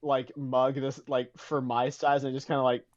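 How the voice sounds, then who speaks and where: A man's voice: medium pitch, little pitch movement, moderate pace, a little hiss or hum. Casting note: American man, tabletop player, stammering and giggly, muffled lo-fi audio. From United States. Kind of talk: playing a tabletop game. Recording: dull lo-fi mic.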